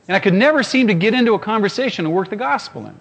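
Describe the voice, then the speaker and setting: A man with a fairly high voice preaches a storytelling sermon. He tells a personal tale with humor and turns often to speak straight to his listeners. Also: lively intonation, rapid-fire, creaky, fairly bright tone.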